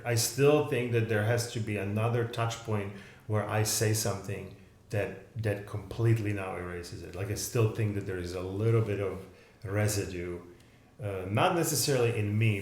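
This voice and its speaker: A man co-hosting a casual podcast conversation, telling a story in a halting, rambling way with many restarts. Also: on the low side, creaky, a little mellow, echoey room. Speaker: podcast co-host.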